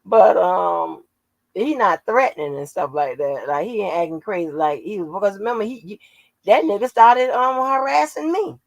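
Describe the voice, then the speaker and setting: Female channel host, gravel in the voice, loose, profane and laughing, dry close sound. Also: medium pitch, animated, moderate pace, no echo, rough recording. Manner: salty, laughing, profane storytelling. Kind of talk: casual livestream chat.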